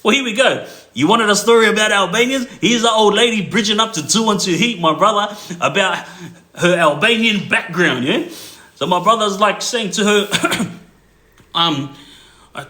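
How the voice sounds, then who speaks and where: A man rambles through a story on a phone livestream, padding it with fillers. His voice is bright and a little high. The room gives it a roomy echo. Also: moderate pace.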